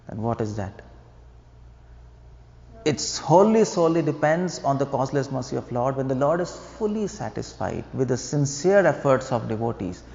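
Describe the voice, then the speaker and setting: A man's voice: medium pitch, very animated, normal speed, creaky, a little mellow, a little hiss or hum. A man giving a devotional lecture, explaining points and asking the audience rhetorical questions. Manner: explanatory, asks the audience rhetorical questions, chuckles at own jokes. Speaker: preacher. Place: temple hall. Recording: echoey hall, dull lo-fi sound.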